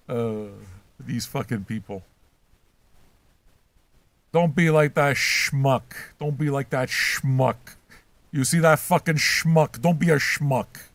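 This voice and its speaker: Loud, crude older man ranting. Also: a little high, dry recording. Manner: crude, shouting, mocking. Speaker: host reacting to records. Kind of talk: casual profane rant.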